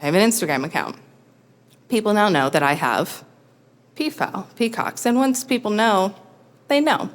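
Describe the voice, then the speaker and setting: A woman telling a true story on stage in a wry, self-mocking, animated way. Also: medium pitch, normal speed, long pauses. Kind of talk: live comic storytelling. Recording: long hall reverb.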